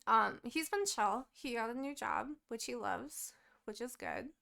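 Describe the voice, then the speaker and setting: A young woman co-hosts a casual podcast, rambling and swearing as she catches up on her week. Her voice sits fairly high and carries a gravelly fry. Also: animated, measured pace, pushed and bright. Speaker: podcast co-host. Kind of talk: casual chat.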